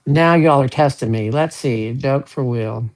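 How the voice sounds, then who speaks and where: A man giving a casual live tarot reading, gentle with folksy joking asides. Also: medium pitch, normal speed. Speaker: tarot card reader.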